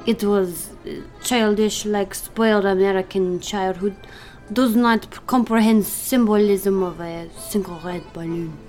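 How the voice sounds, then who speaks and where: A woman's voice: medium pitch, steady tone, measured pace, darkish tone, soft background music, close to an everyday voice. An actress playing a haughty, contemptuous French woman with a French accent. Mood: scornful. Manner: haughty, sneering. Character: snooty adult French woman, contemptuous and scornful.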